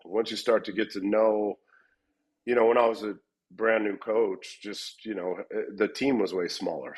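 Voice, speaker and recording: A man's voice: lowish voice, slightly rough, low-quality recording. A middle-aged man, a fight gym coach, answering interview questions in a rambling way, often restarting and repeating words. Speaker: MMA gym head coach.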